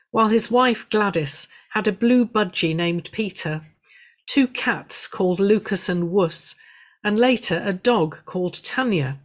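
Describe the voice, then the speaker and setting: Speaking in a voice on the low side, a woman gives a prepared, illustrated talk to a local history society. She tells her stories in a measured way, with gentle humour.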